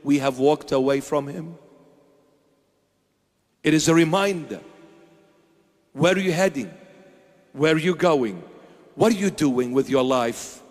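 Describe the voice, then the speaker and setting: A man's voice: on the high side, measured pace, long pauses, a little mellow, big-room sound. A man preaching a sermon as a bishop, emphatic, firing off repeated rhetorical questions.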